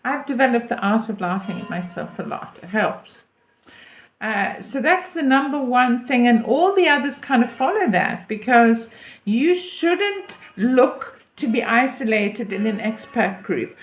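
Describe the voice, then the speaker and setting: A woman's voice: fairly high pitch, lively intonation, unhurried, a little hiss or hum. A woman in her fifties, a relocation consultant, giving chatty, emphatic and self-deprecating advice to camera. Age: 50s. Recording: echoey room.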